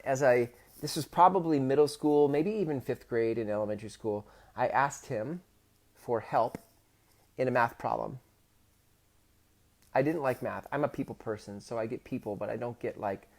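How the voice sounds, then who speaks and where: Guy in his 30s telling a story from his childhood on his podcast, middle-pitched voice, lots of stops and restarts. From Pacific Northwest of the US. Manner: halting, many restarts, gets loud and emotional when retelling. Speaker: podcast host. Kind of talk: personal storytelling monologue.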